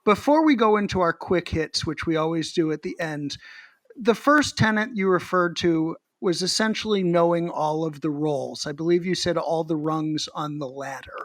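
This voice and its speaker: A man's voice: a little high, normal speed, no room sound. A man hosting a podcast, upbeat as he steers the talk with interview questions. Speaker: podcast host.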